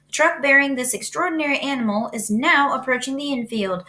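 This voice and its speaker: A woman reading aloud, voicing a pompous male loudspeaker announcer at a fair with grand, drawn-out announcing. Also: sits high, pitched above the performer's own voice.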